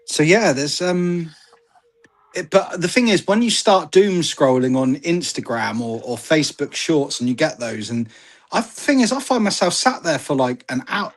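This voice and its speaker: A man's voice: on the high side, animated, normal speed. Rambling British man telling a story. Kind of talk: casual chat.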